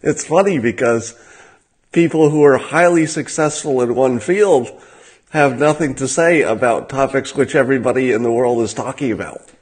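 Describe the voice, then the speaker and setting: A man hosting a livestream, talking in a casual monologue with a dry, sardonic manner and frequent halting fillers. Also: medium pitch, husky. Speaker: livestream host.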